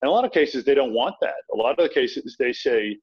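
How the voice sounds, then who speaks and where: Middle-aged Virginia-raised author guest, brisk anecdotal talker, muffled lo-fi audio. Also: male voice, mid-range voice, animated, breathy edge. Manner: quick, anecdotal, frequent restarts. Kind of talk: casual interview chat. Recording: dull lo-fi sound.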